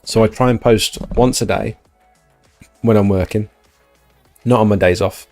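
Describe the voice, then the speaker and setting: A British man with a low, gravelly voice chats casually through a live stream. He replies to viewers' questions in a relaxed, rambling way, and faint music plays under his voice. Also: a little slow. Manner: chatty, answers viewer chat. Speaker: livestream host.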